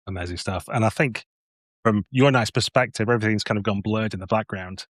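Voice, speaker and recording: Low-voiced male game master. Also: fairly quick, no room sound, studio quality. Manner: playful, descriptive, with hesitant restarts. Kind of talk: narrating a tabletop game.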